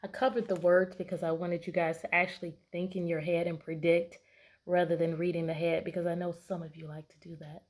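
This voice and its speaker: A woman's voice: lowish voice, level tone, fairly quick. A woman teacher reading a picture book aloud to her class, patiently asking prediction questions between pages. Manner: bright, playful voices for story animals.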